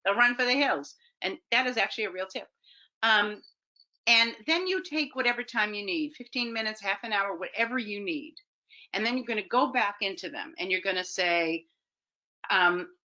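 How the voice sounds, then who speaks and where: Bright-voiced woman coaching parents. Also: medium pitch. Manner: lively, acts out parent and teen lines, checks in with "okay?". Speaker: parenting educator. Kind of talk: informal talk to parents. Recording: dull lo-fi audio.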